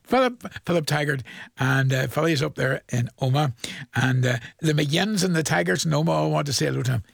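A man's voice: on the high side, brisk, creaky, no echo, clean studio sound. An older man with a Northern Irish accent, hosting a radio show in a chatty, folksy way, reading out listeners' greetings and chuckling often. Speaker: radio presenter. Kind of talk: casual radio shout-outs. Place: radio studio.

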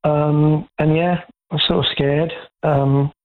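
A man calling in to a radio phone-in, speaking haltingly with many pauses and fillers. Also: fairly high pitch, level tone. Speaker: caller. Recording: tinny phone line.

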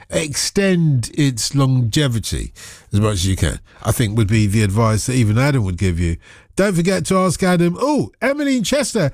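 Male phone-in host, chatty, a touch high, dry studio sound. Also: a little mellow, no echo. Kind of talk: radio phone-in chat. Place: radio studio.

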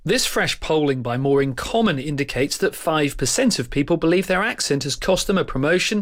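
Man reporting news, a bit high-pitched. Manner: measured, clear delivery.

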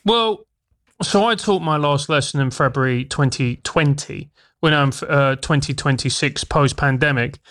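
A man's voice: a little high, unhurried, a bit bright. A man, a former teacher turned comedian, speaking as a guest in a radio interview, articulate and emphatic.

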